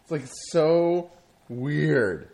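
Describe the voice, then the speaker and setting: A man telling a story in casual chat, rambling and halting, with frequent swearing. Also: fairly high pitch, sing-song, darkish tone.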